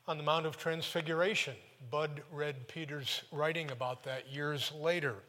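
Animated male preacher in a reverberant hall. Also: a little high. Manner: animated, with quick bursts and sudden drops. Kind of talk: sermon storytelling.

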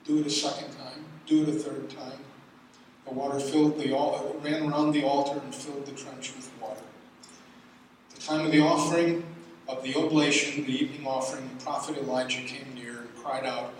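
A man preaching a sermon, reading scripture dramatically and building to loud exclamations. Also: medium pitch, level tone, brisk, a little hiss or hum. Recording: echoey hall from far off.

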